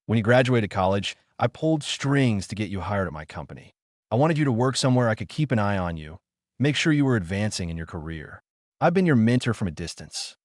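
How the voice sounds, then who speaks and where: A man voicing a secretive middle-aged father who pleads earnestly, read in a dry, lowish voice. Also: sing-song, a little fast, no echo. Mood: pleading.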